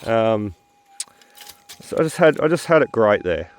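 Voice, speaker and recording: A tired man hosting a metal detecting video, talking in a halting, rambling way full of fillers while he searches outdoors. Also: on the low side, very animated, a little hiss or hum. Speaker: metal detecting channel host. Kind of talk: rambling casual vlog talk while detecting.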